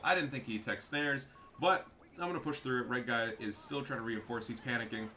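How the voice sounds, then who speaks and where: A man's voice: mid-range voice, fast talker, hardly any pauses, bright, forceful tone, a little hiss or hum. A man giving profane, trash-talking commentary over a strategy game match. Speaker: gameplay commentator.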